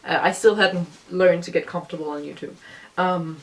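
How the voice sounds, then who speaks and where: A woman's voice: lowish voice, fairly even intonation, moderate pace, far from the mic. A young woman in her twenties with a noticeable accent, chatting casually in a rambling, self-deprecating way with lots of ums. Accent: noticeable non-native accent. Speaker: vlogger. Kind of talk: casual reaction vlog commentary.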